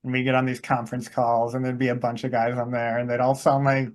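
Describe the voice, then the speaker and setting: A man's voice: mid-range voice, completely flat delivery, quick pace. Easygoing man telling a story. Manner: easygoing storyteller, laughs often, many fillers. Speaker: podcast co-host. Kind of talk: casual chat.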